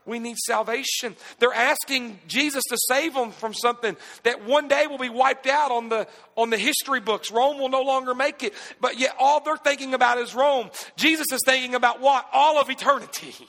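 High, bright-voiced preaching man in a reverberant hall. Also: steady tone, normal speed, few pauses. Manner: preaching with rising, shouted emphasis and folksy asides. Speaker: pastor. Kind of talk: sermon.

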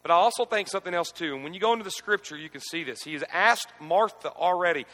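Bright-voiced preacher in a reverberant hall. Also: male voice, sits high, fast talker, few pauses. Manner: call-and-response preaching, leads congregation in repeating scripture; swings from quiet reflective to rising emphatic. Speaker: pastor. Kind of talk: sermon. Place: church.

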